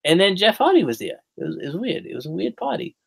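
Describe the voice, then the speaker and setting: A man co-hosts a wrestling podcast, chatting casually and rambling with lots of fillers and restarts. His high, husky voice swings hugely in pitch, moves quickly, and has vocal fry.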